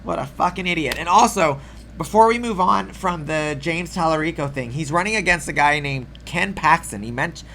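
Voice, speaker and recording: A man ranting through a video commentary with biting sarcasm and plenty of swearing, his voice gravelly and fry-laden. The tone is bright and sharp, and his throat sounds a little rough. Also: a little high, animated, normal speed, slight background noise. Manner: sarcastic, profane, exasperated ranting. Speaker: political commentary host.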